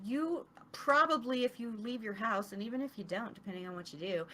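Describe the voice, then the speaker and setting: Chatty laughing woman, high voice. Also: brisk, fairly bright tone. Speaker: interview guest, online show producer. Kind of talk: casual chat.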